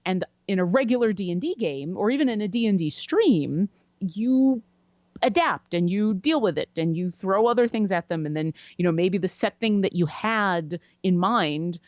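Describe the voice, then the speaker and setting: A woman guest on a podcast, chatty and animated as she tells a story about a game. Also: mid-range voice, moderate pace, no room sound. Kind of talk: casual storytelling interview. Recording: dry, slightly dull lo-fi sound.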